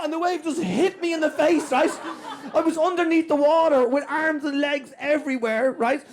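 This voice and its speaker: A man's voice: very high-pitched, gravelly. An Irish man doing live stand-up, telling a story at speed and tagging lines with "right?". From Ireland. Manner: rapid anecdote, tags lines with "right?". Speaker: stand-up comedian. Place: small comedy venue with live audience.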